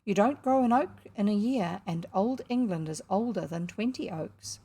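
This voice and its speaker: A woman reading aloud and voicing Puck, a mischievous ancient male hill sprite, with a lively, breathy, teasing manner. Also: mid-range voice, normal speed. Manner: lively, teasing, sing-song when chanting. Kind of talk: storybook reading.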